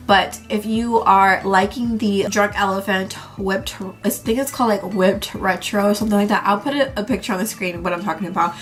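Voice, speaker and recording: Her voice is mid-range and fairly bright, a touch congested. This young vlogger chats loosely about her daily makeup in a casual tutorial, full of filler words.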